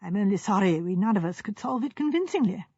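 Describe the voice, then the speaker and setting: A woman's voice: medium pitch, animated, fast, mellow, slightly rough, dry recording. A gallant, courteous elderly male doctor, read by a woman in her own voice. He speaks kindly and politely. The recording is dry and dull.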